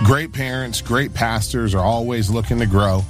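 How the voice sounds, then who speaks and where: A man hosting a Christian call-in radio show, talking in an enthusiastic, encouraging way and pitching to listeners. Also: moderate pace, soft background music.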